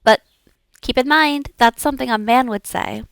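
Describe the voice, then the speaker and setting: A fairly high, creaky, slightly bright female voice speaks at normal speed, recorded with clean studio sound and no room sound. This language learner practices aloud, repeating each word a few times and then explaining the sounds modestly and encouragingly.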